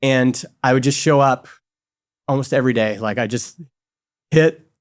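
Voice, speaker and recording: Here a forties-aged guest, co-founder of a software firm, chats openly in a casual interview at an ordinary pace. His mid-range voice carries loose, animated anecdotes peppered with frequent "like"s.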